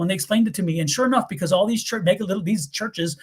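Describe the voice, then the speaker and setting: A middle-aged man from the US East Coast, hosting a live tarot stream and telling stories in an animated, rambling way full of restarts. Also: high-pitched, fast, few pauses, slightly rough. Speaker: tarot reader and livestream host. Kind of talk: casual live-stream chat.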